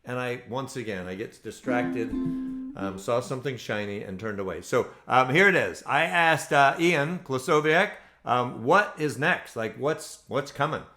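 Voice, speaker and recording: A man hosting an online ukulele play-along, singing slowly over his own strumming and chatting between songs. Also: medium pitch, expressive, soft background music. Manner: sings slowly with strumming, then chats in quick asides. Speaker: ukulele teacher and host. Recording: roomy echo under loud ukulele. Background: loud ukulele strumming.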